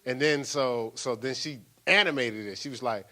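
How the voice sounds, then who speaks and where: An older man, a pastor, preaching a sermon in a lively, playful way with laughter and acted-out asides. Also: mid-range voice, normal speed, few pauses.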